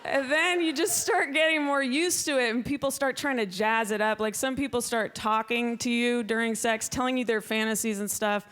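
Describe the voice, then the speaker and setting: High-voiced woman doing dry stand-up. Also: fairly even intonation, normal speed, hardly any pauses. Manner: dry delivery that jumps into shrill, loud put-on voices. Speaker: stand-up comedian. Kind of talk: stand-up comedy set. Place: comedy club stage with a laughing audience.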